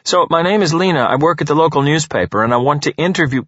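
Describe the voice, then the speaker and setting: A man reading aloud and voicing a pushy young female journalist calling loudly through a door. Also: a little high, animated, fast, no room sound, dull audio, voice pushed up. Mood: eager calling. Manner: eager, loud, insistent.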